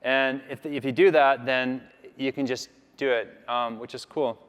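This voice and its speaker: A man's voice: medium pitch, fairly even intonation, a little slow, smooth. A man from Canada giving a casual, rambling conference talk with a live demo, full of fillers. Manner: chatty, rambling, filler-heavy. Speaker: conference speaker. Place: large conference hall. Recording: long reverb of a big hall.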